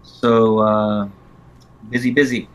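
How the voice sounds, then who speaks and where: A man hosting a casual live-stream show, talking in a halting way with many ums and uhs. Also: on the low side, level tone, rough recording. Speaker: host of a lightsaber school's live show.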